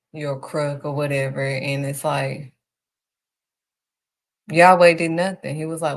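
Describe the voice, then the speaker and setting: A woman hosting a live stream, giving a faith encouragement talk and stressing her points by repeating them. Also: low voice. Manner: emphatic, repeats key phrases. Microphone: streaming setup.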